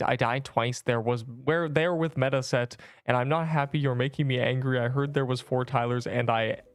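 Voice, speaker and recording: This young man's mid-range voice comes through with clean studio sound and no echo. He chats loosely with viewers while playing a game on stream, kidding around and erupting into playful melodrama.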